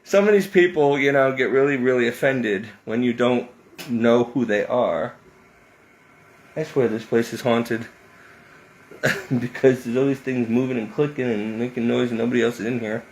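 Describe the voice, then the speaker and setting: A man's voice: mid-range voice, normal speed, a little hiss or hum. A man vlogging a casual story from inside a house, rambling and interrupting himself, laughing often.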